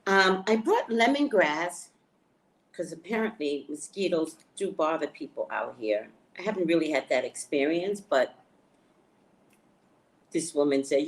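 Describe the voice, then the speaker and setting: Woman, lower-pitched, casual live vlogger, chatty and excitable, showing purchases to the phone camera. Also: moderate pace. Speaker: spiritual reader and vlogger. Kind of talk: casual live chat to viewers.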